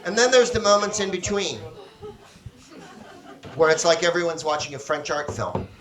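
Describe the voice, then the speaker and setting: A man's voice: on the high side, normal speed. A man doing a stand-up comedy set, bantering sardonically and profanely with a live audience. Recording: roomy live club recording, loud crowd noise.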